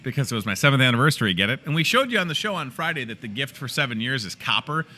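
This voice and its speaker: Midwestern male host, young, crisp bright voice, easygoing and jokey, in-store promo chat. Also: medium pitch, big pitch swings, very fast. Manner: chatty, playful, joking asides. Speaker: host of a store's daily show. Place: inside a grocery store.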